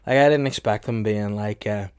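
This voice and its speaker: A man's voice: lowish voice, moderate pace, a little mellow, clear, resonant tone, dry recording, studio quality. A young man hosting a podcast, teasing and joking in casual banter. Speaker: podcast host. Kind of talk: casual comedic chat.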